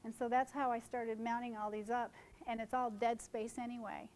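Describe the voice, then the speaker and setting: A woman's voice: on the high side, normal speed, slight background noise. A woman wedding photographer giving a seminar talk to fellow photographers, telling stories animatedly and acting out the people in them. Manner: animated storyteller who acts out quoted people. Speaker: wedding photographer presenting to colleagues. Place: seminar room.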